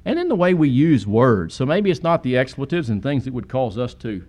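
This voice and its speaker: A man's voice: mid-range voice, sing-song, a little fast, a little mellow. A man preaching a sermon in an earnest way, with sudden emphatic peaks.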